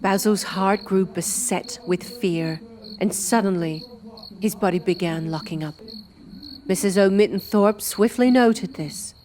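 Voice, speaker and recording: A woman narrating a fantasy audiobook with an expressive storytelling delivery. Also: mid-range voice, unhurried. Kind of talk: scripted narration.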